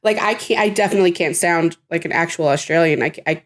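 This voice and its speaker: A woman's voice: lowish voice, quick pace. A woman co-hosting a podcast, chatting casually, swearing now and then and laughing often. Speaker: podcast co-host. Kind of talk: casual chat.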